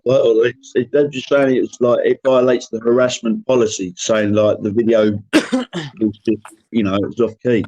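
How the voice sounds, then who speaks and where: A man's voice: mid-range voice, little pitch movement, moderate pace, warm tone, no room sound, dull audio. A young man from England on a livestream call, easygoing and laughing as he defends himself. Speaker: YouTuber. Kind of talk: casual streaming call banter.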